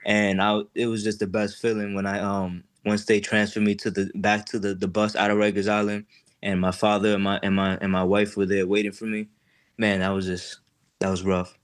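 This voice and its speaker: A young man telling the story of his jail stay in a halting, conversational way, with many fillers and restarts. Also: lowish voice, flat delivery. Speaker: client describing his case.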